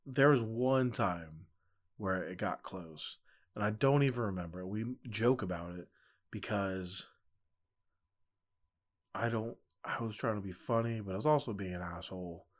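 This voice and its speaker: A man's voice: fairly low pitch, unhurried, pauses often. A young man chatting casually as a podcast guest, telling a story in a laid-back way with lots of fillers and frequent laughs. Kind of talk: casual chat.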